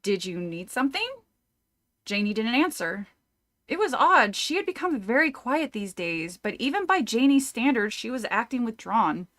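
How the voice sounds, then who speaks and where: A woman's voice: a little high, big pitch swings, moderate pace, a bit bright. A woman streamer reading a horror novel aloud, often breaking off to chat, laugh and swear casually. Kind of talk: casual read-through with chat.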